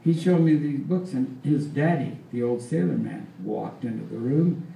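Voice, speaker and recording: An elderly man in his eighties spins a rambling, chuckling tale in a folksy drawl, his voice gravelly and mellow. The sound is roomy and distant, with faint ambience of a live venue behind him. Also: mid-range voice, normal speed. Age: 80s. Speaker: folk performer and storyteller. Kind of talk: live on-stage storytelling.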